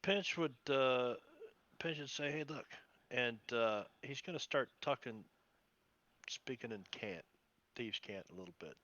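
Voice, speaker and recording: A man playing a tabletop game who describes his character's actions in a bright, forceful voice. He hesitates and fills his pauses as he goes. The recording is dry and slightly dull, like a lo-fi mic. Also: mid-range voice, dry recording. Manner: hesitant, full of uhs. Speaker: player.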